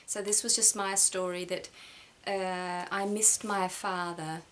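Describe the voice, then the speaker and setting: A middle-aged woman sharing a personal reflection in a halting way, with many restarts, close to tears. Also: on the low side, steady tone, a bit bright, slight background noise. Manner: halting, repeats words, emotional. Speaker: vlogger.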